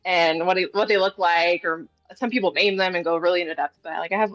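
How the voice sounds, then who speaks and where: A woman's voice: fairly low pitch, fairly even intonation, fast talker, fairly bright tone, no room sound, lo-fi sound, soft background music. A young woman from California, a voice actress, chatting casually and giggling, with lots of "like", on a video call. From California, USA. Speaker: voice actress guest. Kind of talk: casual interview chat.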